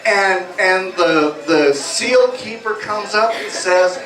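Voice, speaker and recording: A stage hypnotist with a high voice speaks slowly, barely pausing, as he playfully leads volunteers through suggestions. It's a live comedy show in a small bar, recorded from far off with echo and background music.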